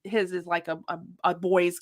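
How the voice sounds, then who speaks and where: Woman, young adult, podcast host, animated storyteller, dry close sound. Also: on the low side, normal speed, no room sound. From Washington state. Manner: animated storytelling, acts out her own reactions. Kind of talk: casual livestream chat.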